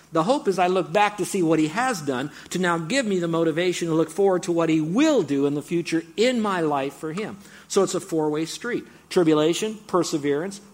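Animated older man preaching a sermon. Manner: animated, jumps high and loud when excited, drops low for teaching. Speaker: pastor.

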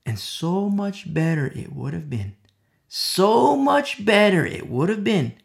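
A man preaching a verse-by-verse sermon, repeating phrases with urgent appeals and dropping to soft whispers at times. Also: mid-range voice, creaky. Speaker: preacher teaching a Bible study.

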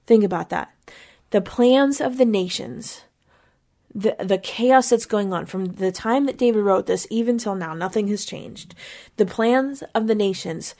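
A Pennsylvania woman hosts a Christian podcast, offering a devotional reflection on a psalm. Her voice is medium-pitched and warm, moving a little slowly, and she speaks earnestly and conversationally, repeating small bits as she thinks out loud.

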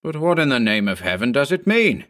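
A man reading a ghost story, voicing a sharp, agitated lawyer who speaks up in a raised, urgent voice. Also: medium pitch, big pitch swings, normal speed, voice pushed up. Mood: alarmed. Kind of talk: audiobook character voice.

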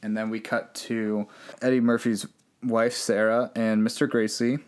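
A man's voice: fairly low pitch, little pitch movement, moderate pace, clear, resonant tone. A man co-hosting a podcast, casually retelling a film's plot and mimicking the characters' lines. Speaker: podcast co-host. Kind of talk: casual movie recap chat.

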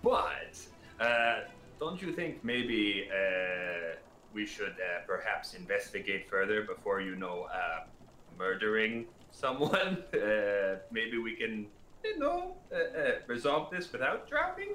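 A man's voice: lowish voice, big pitch swings, slow pace, pushed and bright, roomy sound, a little hiss or hum. A man playing a tabletop game, speaking hesitantly and diplomatically. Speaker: player. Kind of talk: in-character tabletop play.

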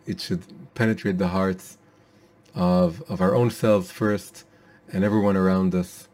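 A man's voice: low-pitched, a little mellow. A man giving a weekly Torah class, teaching in an earnest, emphatic way.

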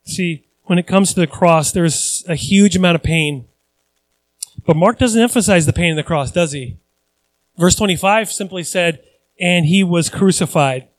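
A man's voice: high-pitched, normal speed, low-quality recording. A male pastor preaching a sermon in a conversational way, repeating phrases for emphasis and acting out the voices of people he quotes.

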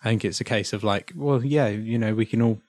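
Rambling man, low and dry. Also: brisk, darkish tone, no echo. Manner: rambling, self-interrupting, chuckling. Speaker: podcast host. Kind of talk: casual chat.

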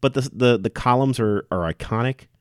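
A man's voice: medium pitch, moderate pace, clean tone, dry recording, studio quality. A man co-hosting a casual sports chat, opinionated and laughing often, restarting his sentences as he talks. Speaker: podcast co-host.

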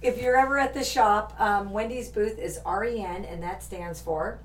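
A woman's voice: mid-range voice, normal speed. A middle-aged woman hosting a podcast, chatting casually and laughing often. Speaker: podcast host and shop owner. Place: indoor room, on a couch. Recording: echoey room, distant mic, faint noise.

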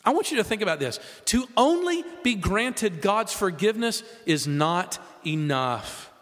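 A man preaching a sermon, emphatic and animated, asking the audience rhetorical questions. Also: high voice, a little slow. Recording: reverberant hall.

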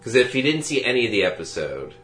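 A man's voice: medium pitch, big pitch swings, fast talker, a bit bright, faint music behind. A man co-hosting a podcast in casual chat, throwing in wry joking asides. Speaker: podcast co-host. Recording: echoey room.

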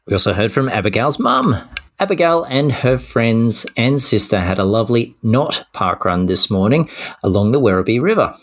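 A man's voice: mid-range voice, big pitch swings, moderate pace. A man co-hosting a podcast, cheerfully reading out listener messages with self-deprecating asides. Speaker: podcast co-host.

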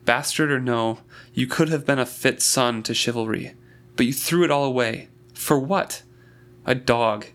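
A man reading aloud voices a gruff, bitter older stablemaster who speaks in blunt, clipped reproach. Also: medium pitch, unhurried, a bit bright.

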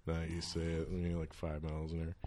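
A man's voice: very deep voice, completely flat delivery, fast talker, mellow, no room sound, studio quality. A man from northern California, a guest telling laid-back, slangy stories with frequent laughter in a casual chat. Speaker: podcast guest, DJ.

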